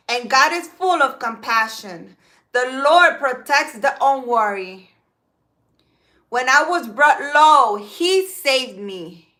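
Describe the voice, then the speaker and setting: A woman, a spiritual healer, talking casually and reading scripture aloud slowly and emphatically, with occasional swearing and Spanish words. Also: sits high, sharp tone. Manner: slow deliberate reading.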